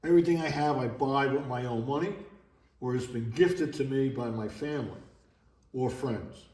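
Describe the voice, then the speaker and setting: Middle-aged male vlogger, halting and emotional delivery, mellow tone, recorded in an echoey room at home. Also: medium pitch. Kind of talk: unscripted monologue vlog.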